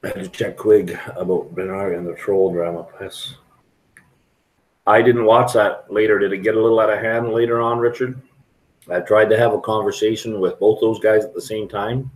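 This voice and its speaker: A man's voice: on the low side, steady tone, moderate pace, rough recording. A middle-aged man chatting frankly and rambling to viewers on a live stream from a restaurant. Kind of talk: casual live stream chat.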